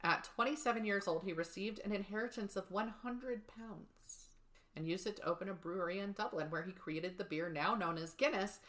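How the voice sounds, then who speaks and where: Bright-voiced chatty woman podcaster. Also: mid-range voice, fairly quick. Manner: chatty, laughs often, swears casually. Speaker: podcast co-host. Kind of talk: casual true-crime chat.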